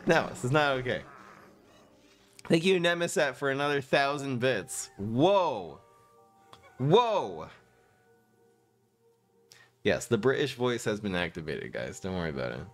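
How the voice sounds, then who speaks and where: An excitable man streaming a card game live and commentating as he plays. His voice sits at a middling pitch but swings up and down a lot, and he laughs often while talking to his chat. Soft music plays faintly behind him. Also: a little fast.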